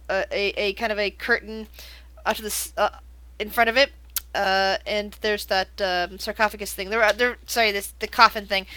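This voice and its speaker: A woman's voice: mid-range voice, pushed and bright, dry recording, low-quality recording. A woman narrating as game master of a horror tabletop game, describing scenes with frequent restarts.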